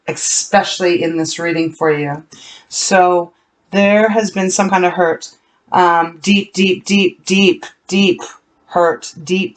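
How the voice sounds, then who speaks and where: A tarot reader with a mid-range voice gives a solo card reading to viewers. The delivery is earnest and emotional, slowing down on painful words, with frequent repetitions and mid-sentence self-corrections.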